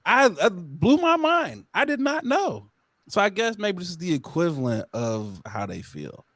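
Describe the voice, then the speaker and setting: A man co-hosting a podcast, telling stories in an animated, incredulous casual chat. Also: high-pitched, a little slow, no echo. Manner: animated, incredulous storytelling with laughs. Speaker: podcast co-host.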